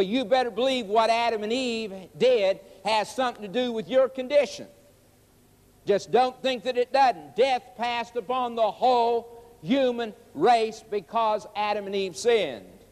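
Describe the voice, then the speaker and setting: A man preaching a sermon emphatically, repeating lines and stretching key words slowly. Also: high voice. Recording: long reverb of a large hall.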